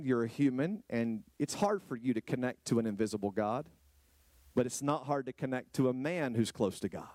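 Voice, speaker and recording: Preaching man with a drawl. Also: no room sound. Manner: preaching, swings from low and quiet to high, loud, drawn-out exclamations; addresses the congregation directly with rhetorical questions. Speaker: pastor. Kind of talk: sermon. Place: church hall with a congregation.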